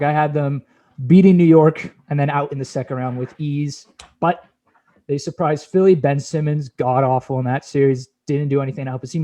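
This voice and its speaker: A man's voice: fairly high pitch, mellow. A young man co-hosting a sports podcast, brash and opinionated, casually swearing as he talks playoff picks.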